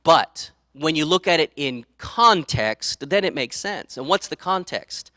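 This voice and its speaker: A man's voice: a little high, lively intonation, a little slow, bright, forceful tone, no echo. A man preaching a sermon as pastor, conversational, checking in with the congregation and acting out quoted voices. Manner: conversational, tag questions to the audience; acts out quoted speech.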